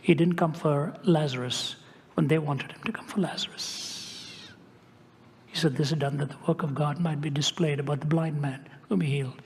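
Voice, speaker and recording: A man's voice: a little high, steady tone, moderate pace, a little hiss or hum. Older male preacher in a reverberant hall. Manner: conversational, drops to a hush for solemn moments. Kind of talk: storytelling sermon.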